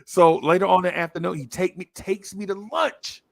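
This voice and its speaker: In a casual podcast chat, a man tells a story with animation, acting out the voices of the people involved and often repeating himself for emphasis. His voice is high and fairly quick, with vocal fry.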